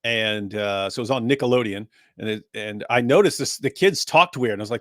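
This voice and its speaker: A man's voice: mid-range voice, fast talker, few pauses, fairly bright tone, dry recording. Rambling, jokey man, dry close sound. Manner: rambling, jokey, many fillers and restarts. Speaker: co-host of a reaction show. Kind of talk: casual chat.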